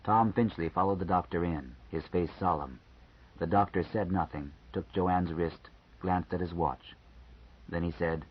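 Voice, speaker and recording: A male audiobook narrator with a low, slightly husky voice, reading evenly and without hurry. The sound is somewhat muffled and lo-fi. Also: a little slow.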